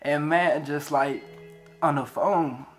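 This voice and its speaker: A young man, telling a heartfelt personal testimony in a casual, animated way, often praising God. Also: on the high side, slow, soft background music. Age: 20s. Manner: animated, emotional, religious. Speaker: vlogger.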